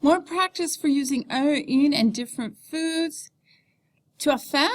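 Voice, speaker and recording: A woman French teacher giving a recorded lesson, explaining in English and saying French phrases slowly for students to repeat. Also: sits high.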